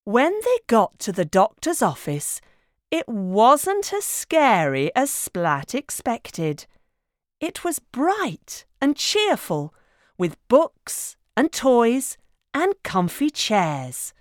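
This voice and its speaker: A woman reading a children's picture book aloud in a clear, expressive way. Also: a little high, extremely slow, dry recording, studio quality. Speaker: storyteller.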